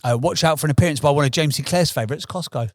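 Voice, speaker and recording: A man co-hosting a business podcast, joking around and chatting in a quick, animated way. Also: fairly high pitch, no room sound, studio quality. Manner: jokey, animated, quick-fire. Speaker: podcast co-host. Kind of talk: casual podcast banter.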